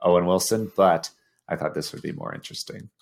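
Male co-host, deep and gravelly, laid-back and wry. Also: fairly quick. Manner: easygoing, wry, multitasking while talking. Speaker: podcast co-host. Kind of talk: casual chat.

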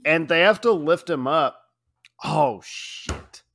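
Bright, animated man recapping a movie. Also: fairly high pitch, takes it slowly, gravelly. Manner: lively recaps, frequent laughter. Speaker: podcast co-host. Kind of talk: casual movie discussion podcast.

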